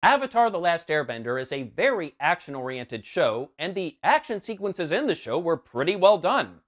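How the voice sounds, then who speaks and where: Sarcastic male reviewer, fairly high voice that leaps around, scripted comedy commentary. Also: sing-song, normal speed. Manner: sarcastic, exasperated. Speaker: film reviewer.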